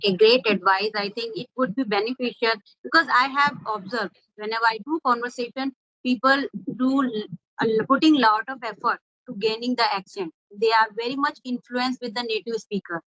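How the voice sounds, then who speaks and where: A woman's voice: on the high side, brisk, bright, forceful tone, no room sound. A woman interviewing a guest in an English-practice conversation, earnestly summing up points and asking questions. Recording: dull lo-fi audio.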